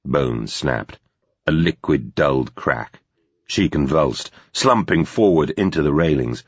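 A man narrating a thriller audiobook in a measured, grave way. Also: extremely low pitch, fairly bright tone, breathy edge, dry recording. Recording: dull, slightly lo-fi recording.

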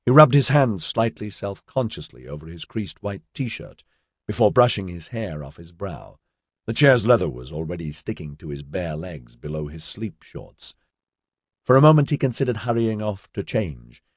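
A man narrating an audiobook in a measured storytelling manner, voicing all the characters. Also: low-pitched, big pitch swings, no room sound, clean studio sound. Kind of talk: scripted narration.

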